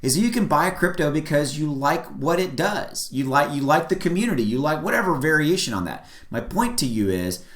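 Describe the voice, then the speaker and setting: A man's voice: on the high side, big pitch swings, moderate pace, hardly any pauses. A man hosting his own video, giving a casual, earnest opinion talk, emphatic and repetitive with frequent restarts. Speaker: crypto video host. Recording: echoey room.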